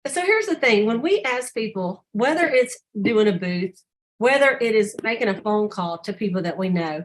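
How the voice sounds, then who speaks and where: An older woman leading a sales team call, telling stories animatedly and acting out customers' lines in a higher voice. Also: moderate pace. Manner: animated storyteller, acts out customer dialogue in a higher voice.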